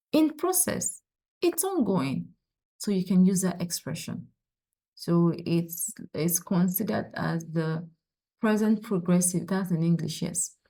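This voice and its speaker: A woman's voice: medium pitch, warm tone. A woman teaching a French lesson online, patiently repeating each example sentence.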